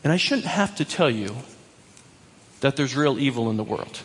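A man preaching a sermon, animated and emphatic, often repeating his points. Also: mid-range voice, moderate pace, big-room sound, slight background noise. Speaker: pastor.

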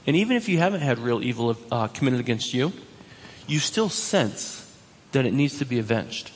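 Husky-voiced man preaching in a reverberant hall. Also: medium pitch, normal speed. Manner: animated, emphatic preaching with repetitions. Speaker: pastor. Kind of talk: sermon.

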